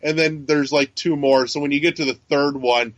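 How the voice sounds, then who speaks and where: A man's voice: fairly high pitch, steady tone, moderate pace, no echo. A man co-hosting a podcast in casual chat, rambling and swearing, with lots of fillers and restarts. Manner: chatty, profane, frequent fillers and restarts. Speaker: podcast co-host. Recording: dull, lo-fi sound.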